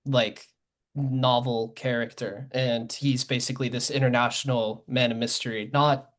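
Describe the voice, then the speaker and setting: A man's voice: medium pitch, level tone, moderate pace, fairly bright tone. Rambling young man chatting about films. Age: young adult. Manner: rambling, lots of fillers and self-corrections, laughs easily. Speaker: podcast co-host. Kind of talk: casual film chat.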